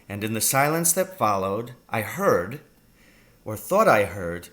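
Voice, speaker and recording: A man reading a children's novel aloud, telling the story slowly and deliberately. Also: on the low side, very animated, fairly bright tone. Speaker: reader.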